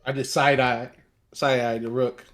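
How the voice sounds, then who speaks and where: A man's voice: medium pitch, little pitch movement, a little slow, fairly bright tone. A man taking part as a player in a tabletop game, with a laid-back and wry way of talking. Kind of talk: in-character tabletop play.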